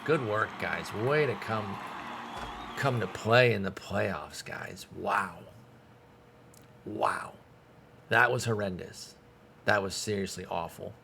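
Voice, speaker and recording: A man's voice: on the low side, slow, creaky, pauses often, pushed and bright, a little hiss or hum. A man streaming a baseball management game, giving casual commentary in a frustrated, sarcastic way and swearing often.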